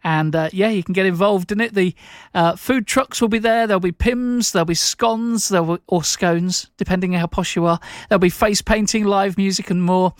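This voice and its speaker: Chatty radio presenter, dry sound. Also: male voice, high-pitched, brisk, no echo. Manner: chatty, informal, with frequent uhs and self-corrections. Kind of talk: local radio links between songs. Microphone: studio microphone.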